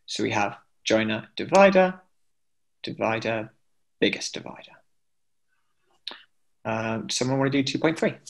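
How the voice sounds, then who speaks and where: A man's voice: on the low side, animated, a little slow, vocal fry, pauses often. A man teaching an online class in chanting scripture, explaining with many fillers and chanting short examples. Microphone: video call.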